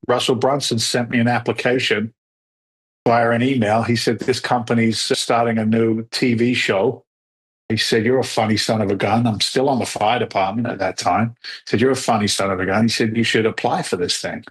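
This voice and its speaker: A middle-aged man telling stories as a podcast guest, acting out the dialogue lively as he talks. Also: fairly low pitch, husky. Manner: animated storyteller who acts out quoted dialogue. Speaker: podcast guest, real estate investor. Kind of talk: storytelling interview answers.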